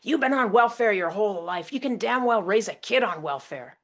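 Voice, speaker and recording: A woman's voice: medium pitch, expressive, moderate pace, voice pushed up. A woman voicing an angry middle-aged father who bellows and thunders. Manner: loud, thundering.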